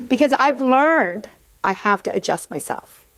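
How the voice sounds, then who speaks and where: A woman's voice: on the high side, expressive, unhurried, fairly bright tone. A middle-aged woman speaking as a panelist at a workshop, talking candidly and earnestly in a conversational way, often restarting her sentences. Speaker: panelist, community program leader. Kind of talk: panel discussion talk.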